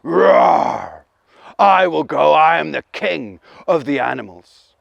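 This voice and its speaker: A man's voice: animated, takes it slowly, creaky, dry recording, muffled recording, heavily acted. A man voicing a proud, boastful male lion who calls himself king of the animals, in a storybook telling. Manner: booming, roaring, self-important.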